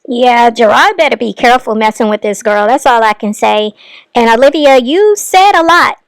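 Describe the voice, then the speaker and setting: A woman with a high, smooth voice talks casually as she reacts to clips. She sounds close to the mic in a dry space, explaining things like she's chatting with friends. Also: lively intonation, moderate pace, dry recording. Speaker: commentary channel host. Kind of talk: casual commentary.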